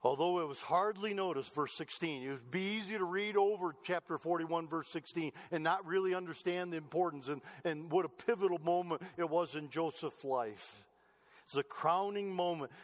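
Man preaching, higher-pitched voice, rises and drops in intensity. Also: moderate pace. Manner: preaching, swings from rising emphasis to low quiet delivery. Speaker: pastor. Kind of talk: sermon.

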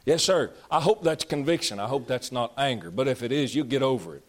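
A man preaching a sermon, swinging between loud, drawn-out exhortations and low, conversational asides. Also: animated. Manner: rising to shouted exhortation, then dropping low and conversational.

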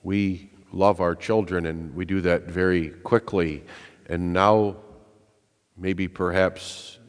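A man's voice: low-pitched, steady tone, slow. A man preaching a sermon in an earnest, emphatic way, putting rhetorical questions to his listeners. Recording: reverberant hall.

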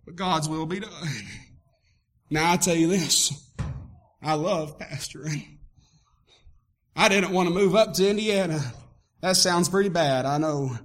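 A man from preaching a sermon as pastor, impassioned and rising to shouts. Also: on the high side, measured pace, long pauses. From Tennessee, US.

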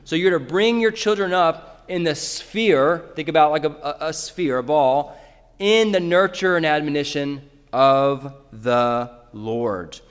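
A man's voice: on the high side, unhurried, clear, resonant tone, in a large hall. A man preaching a sermon in a church, earnestly addressing parents directly. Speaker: pastor.

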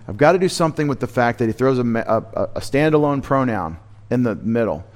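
A male pastor working through a text line by line in a sermon, with a mid-range voice. He keeps posing questions to his listeners and then answering them, and he stresses key words with deliberate repetition. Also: medium pitch, expressive. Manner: teaching through rhetorical questions and repeated emphasis. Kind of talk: expository sermon. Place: church sanctuary.

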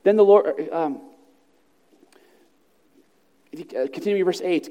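High-voiced preacher in a reverberant church. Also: male voice, expressive, mellow, lo-fi sound. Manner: measured, earnest preaching with slow emphatic phrases. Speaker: pastor. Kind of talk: sermon. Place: church sanctuary. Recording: long reverb of a large hall.

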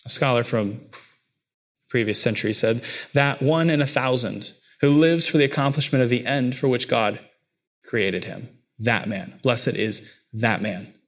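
At a moderate pace, a pastor preaches, alternating soft, heavy stretches low in his voice with raised, emphatic declarations.

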